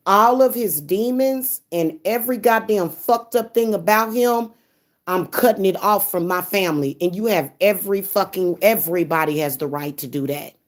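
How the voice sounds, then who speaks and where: A woman's voice: mid-range voice, moderate pace. A young woman venting angrily in a vlog, cursing heavily and stumbling over repeated words when upset. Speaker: spiritual reader and vlogger. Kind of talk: angry, profane venting monologue.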